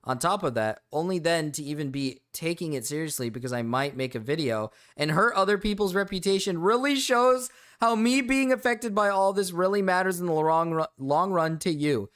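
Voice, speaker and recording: A man's voice: fairly high pitch, moderate pace, hardly any pauses, fairly bright tone. A man streaming live, reacting to online drama with heated, profane ranting and frequent restarts.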